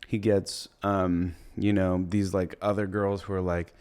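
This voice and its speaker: A young man with a lowish voice rambles through a comedic movie recap, swearing freely. He laughs at his own retelling and keeps popping into quick impressions of the characters. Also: little pitch movement, darkish tone. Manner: rambling, profane, laughs while retelling scenes and puts on brief character voices. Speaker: comedy podcast host.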